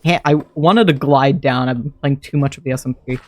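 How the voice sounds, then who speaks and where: A man's voice: medium pitch, brisk, a little mellow, no room sound. A man streaming a modded game, chatting casually and thinking aloud to himself as he plays. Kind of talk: casual gameplay commentary.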